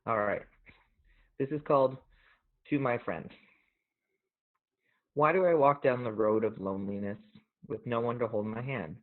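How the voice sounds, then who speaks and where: A man hosting a show, talking casually in an earnest, reflective way and reading poems aloud, gently emotional. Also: mid-range voice, measured pace, pauses often. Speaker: podcast host. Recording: tinny phone-like audio.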